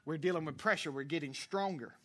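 Pastor, sermon delivery: bright and forceful, animated and jokey, shouts key points, lots of fillers. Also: medium pitch, fast talker. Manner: frequent "uh" fillers and self-corrections.

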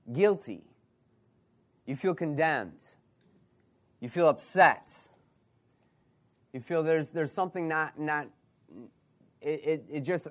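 Man preaching with repeated questions. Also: a little high. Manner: preaching with rhetorical questions, repeating phrases and restarting. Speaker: pastor. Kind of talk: sermon.

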